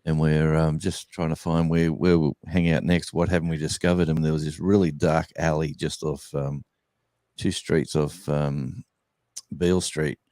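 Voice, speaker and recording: A man's voice: very deep voice, little pitch movement, normal speed, mellow, dry recording. A man with an Australian accent telling a rambling story in a casual chat, full of fillers and restarts. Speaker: guest musician.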